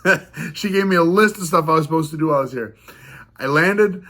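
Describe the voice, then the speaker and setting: A man's voice: fairly high pitch, a little fast, pushed and bright. A man vlogging in a casual, rambling way, telling a story, chuckling often and repeating himself as he goes. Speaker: fighter vlogger. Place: on the road for a fight in the northeastern US.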